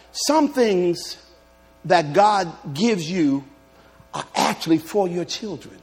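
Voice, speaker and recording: A man preaching a lively sermon, telling humorous stories and calling out to his congregation. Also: high-pitched. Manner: animated preaching with humorous stories and call-outs. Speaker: pastor.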